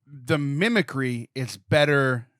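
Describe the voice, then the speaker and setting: A man's voice: mid-range voice, slow pace, fairly bright tone, no echo, studio quality. A man hosting a podcast, chatting casually and teasing his co-host, and reading a sponsor spot. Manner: joking, teasing, laughs often. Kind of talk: casual chat and sponsor read.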